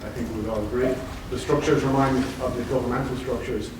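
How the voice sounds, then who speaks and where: A man's voice: mid-range voice, steady tone, fast. A man in the audience asks the panel a question, hesitant and thoughtful and full of ums. His voice sounds far off in a cavernous, echoey hall, with noise behind it. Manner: hesitant, thoughtful, many fillers. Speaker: audience member asking a question. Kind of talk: question from the floor. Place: university conference hall.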